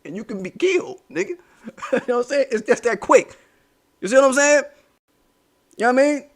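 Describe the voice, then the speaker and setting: A man with a fairly high voice and delivers a heated commentary monologue. He leans on street slang and profanity, repeating himself for emphasis as he rants to his audience. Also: animated, brisk. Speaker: commentary channel host.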